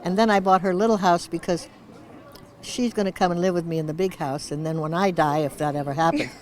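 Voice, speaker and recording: A woman's voice: fairly low pitch, steady tone, fairly quick. A woman in her eighties answering a red-carpet interview, rambling and joking with frequent chuckles. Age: 80s. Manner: wandering, searches for words. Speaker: award honoree being interviewed.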